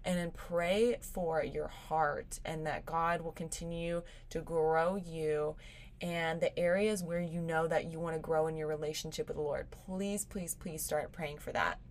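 A young woman hosts a devotional podcast, her voice sitting a little low for a woman. She talks in a casual, earnest and encouraging way, at times sounding moved close to tears. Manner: earnest and encouraging, gets teary and laughs. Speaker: podcast host.

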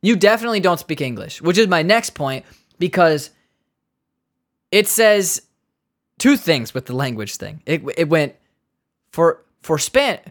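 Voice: mid-range voice, big pitch swings, measured pace, pauses often. A comedian delivering an exasperated, profane comedic rant, talking casually and sarcastically to listeners.

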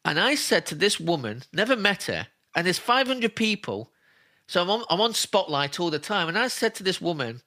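This man's voice is high-pitched and sing-song, with a bright, forceful tone at normal speed. He is a spiritual healer being interviewed, telling emotional stories from his own life with earnest emphasis and frequent repetition to drive points home.

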